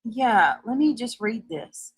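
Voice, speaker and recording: A woman's voice: on the high side, lively intonation, slow, husky, no room sound. A woman hosting a casual livestream chat, emotional and frank, swearing when flustered. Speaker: livestream host.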